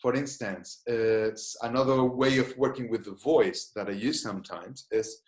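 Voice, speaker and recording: In this online webinar lecture, a gestalt therapist talks in a medium-pitched voice at a moderate pace, keeping his intonation fairly even. He explains things thoughtfully and guides listeners into brief exercises, with roomy echo in the sound.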